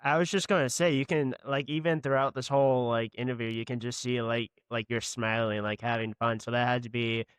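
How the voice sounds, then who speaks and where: A male podcast host interviewing a guest in a relaxed way, hedging his words with fillers. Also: mid-range voice, a little fast, hardly any pauses, smooth, no echo. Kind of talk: casual interview.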